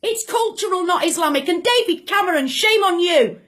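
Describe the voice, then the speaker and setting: A woman's voice: very high voice, expressive, moderate pace, a bit bright. An angry woman ranting to camera, impassioned and repeating phrases for emphasis, saying she is shaking with anger. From Britain. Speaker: vlogger. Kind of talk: political rant to camera.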